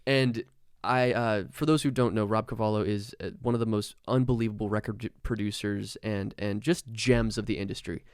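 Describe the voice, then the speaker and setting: A man telling a story as a podcast guest, his voice smooth and crisp in a dry studio. He speaks casually and with energy, swears freely, and acts out other people's lines as he goes. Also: fairly low pitch, normal speed, dry recording. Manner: animated, swearing, acts out quotes. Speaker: musician guest.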